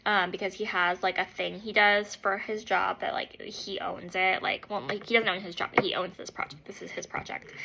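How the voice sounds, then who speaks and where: Chatty woman with a bright voice. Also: medium pitch, vocal fry. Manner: chatty, full of "like" fillers; animated, acts out her own reactions. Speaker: beauty vlogger. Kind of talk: casual storytelling.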